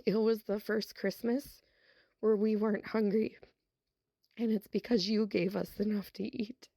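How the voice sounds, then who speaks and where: A woman's voice: mid-range voice, fairly even intonation, a little slow, creaky, mellow, dry recording, voice pushed up. A woman voicing a small kindergarten boy telling his teacher good news. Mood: eager. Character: grateful little kindergarten boy.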